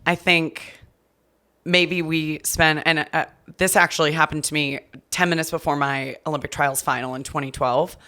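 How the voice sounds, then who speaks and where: A woman in her thirties, a podcast guest, telling stories in a candid, animated way with many likes and restarts. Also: low voice, moderate pace. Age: 30s. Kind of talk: casual conversational storytelling.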